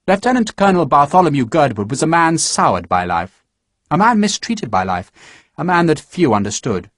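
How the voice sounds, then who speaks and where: A man narrating an audiobook in a measured, expressive storytelling manner, recorded close to a studio microphone. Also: on the high side, no echo. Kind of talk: scripted narration.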